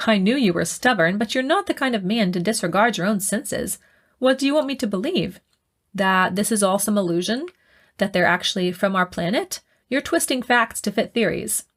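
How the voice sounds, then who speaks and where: A woman voicing a stubborn, skeptical male starship captain who speaks calmly and with command, in an audiobook. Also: medium pitch, normal speed. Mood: firm. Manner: calm, commanding.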